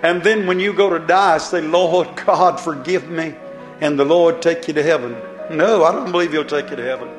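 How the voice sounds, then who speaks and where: A man's voice: fairly high pitch, fairly quick, hardly any pauses, echoey room, faint music behind. A man preaching a fiery sermon, pleading and throwing rhetorical questions at the congregation.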